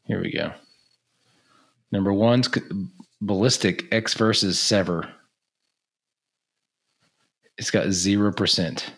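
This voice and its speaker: Low-voiced man in casual chat. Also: a little slow, vocal fry, fairly bright tone, husky. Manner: joking, reads movie lists aloud. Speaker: podcast co-host.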